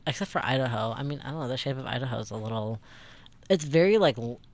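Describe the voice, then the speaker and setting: A man's voice: mid-range voice, quick pace. A young man from St. Louis, co-hosting a podcast in a rambling, casual way full of fillers and swearing. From St. Louis, Missouri. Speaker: podcast co-host. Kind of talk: casual chat.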